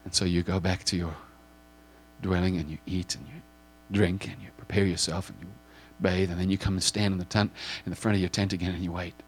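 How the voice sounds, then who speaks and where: A man's voice: deep voice, level tone, a little fast, a little hiss or hum. A man preaching as he guides listeners through a vivid scripture scene in the second person, with repetitive phrases that build in intensity.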